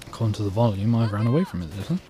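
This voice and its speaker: Lively British man narrating gameplay. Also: lowish voice, rapid-fire, a little hiss or hum. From Britain. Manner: chatty, jumps between mutters and sudden exclamations. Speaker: let's play gamer. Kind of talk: gameplay commentary.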